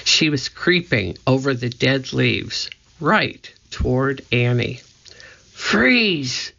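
A narrator reading a children's chapter book aloud in a steady, clear storytelling manner. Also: mid-range voice, slow, dull audio. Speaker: audiobook narrator.

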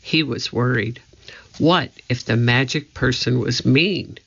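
Slow, gravelly man reading a story. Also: mid-range voice, fairly bright tone, muffled recording. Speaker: narrator. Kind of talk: reading a children's book aloud.

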